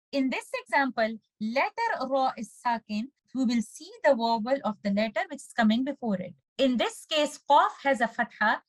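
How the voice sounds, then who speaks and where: A woman's high, clear teaching voice walks through recitation rules with patient care. She is methodical, slowing down to spell out sounds syllable by syllable. The recording is close and dry, with no room around her. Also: dry recording, rough recording. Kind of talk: step-by-step tajweed lesson with recited examples.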